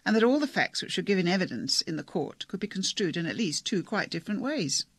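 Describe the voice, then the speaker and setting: Composed woman lawyer, level and patient, pitched up a touch, read by a man. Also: sing-song, fast talker, no echo, heavily acted. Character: calm, composed female lawyer.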